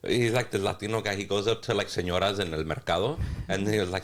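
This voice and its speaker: A man's voice: fairly low pitch, fairly even intonation, quick pace. A man in casual podcast chat, telling funny stories, laughing often and slipping into Spanish for the people he quotes. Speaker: podcast guest or co-host.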